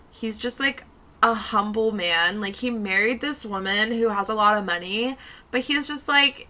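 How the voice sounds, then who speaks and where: Slow, bright-voiced woman podcaster. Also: medium pitch. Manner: laid-back, profane, giggly. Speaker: podcast co-host. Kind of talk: casual chat.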